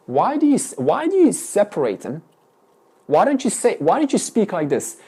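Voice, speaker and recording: The speaker is a man teaching Vedanta, quizzing his students rapidly and often starting over in an interactive lesson. His voice sits high and is mellow and husky, moving through huge pitch swings at a moderate pace.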